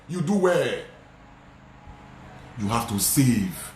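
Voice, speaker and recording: A man who is a Nigerian Catholic priest, preaching emphatically and repeating lines, slipping into pidgin and shouting at the peaks. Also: high-pitched, expressive, measured pace, pauses often, reverberant. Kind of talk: preaching sermon. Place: studio.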